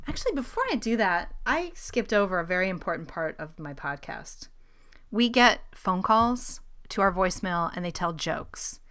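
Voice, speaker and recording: Bright, blunt woman hosting a podcast. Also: fairly low pitch, big pitch swings, normal speed. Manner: opinionated, blunt, laughs often. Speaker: podcast host. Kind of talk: casual news chat.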